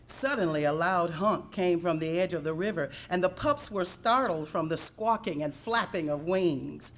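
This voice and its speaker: Low-voiced woman reading a storybook aloud. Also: a little hiss or hum. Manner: expressive, measured storytelling. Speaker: reader.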